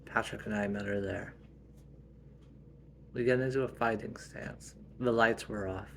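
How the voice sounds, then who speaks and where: A man telling a family role-play story in a slow, halting, earnest way. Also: lowish voice, fairly even intonation, a little hiss or hum.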